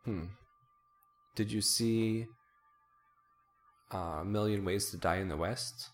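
A man's voice: lowish voice, slow pace. A man co-hosting a podcast, easygoing in casual chat.

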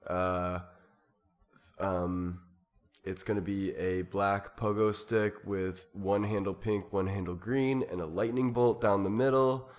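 Low-voiced man, casual chat, lots of ums and restarts, laughs easily. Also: level tone, slow. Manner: rambling, hesitant, full of ums, bursts of laughter. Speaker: improv performer.

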